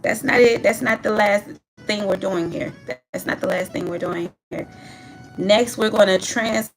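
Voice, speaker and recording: A woman leading a group through spoken affirmations in a slow, emphatic call-and-response, urging them to repeat after her. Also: mid-range voice, steady tone, faint music behind.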